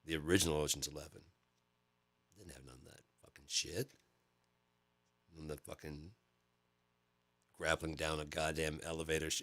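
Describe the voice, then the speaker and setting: Casual male host, very low voice, dry close sound, loose profane rambling. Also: level tone, moderate pace, pauses often, fairly bright tone, no room sound. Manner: profane, rambling, lots of fillers and repeats. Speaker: channel host.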